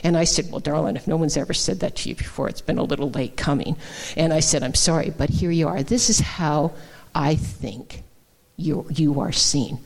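A woman with a slightly low voice preaches a sermon built on personal anecdotes. She talks conversationally, calling people darling and honey as she retells conversations. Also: moderate pace, vocal fry. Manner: warm storytelling, addresses people as darling and honey. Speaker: guest speaker.

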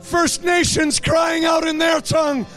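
A man leads fervent intercessory prayer in a very high voice. He draws out every phrase slowly and shouts his pleas. Soft music plays underneath. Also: flat delivery. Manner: impassioned, shouted pleading. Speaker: prayer leader. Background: faint music.

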